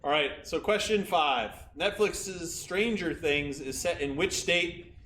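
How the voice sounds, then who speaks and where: A man's voice: fairly high pitch, slow pace, a bit bright. A man hosting a casual trivia game, reading out questions and answers and trading teasing banter with his co-host. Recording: echoey room with faint background noise.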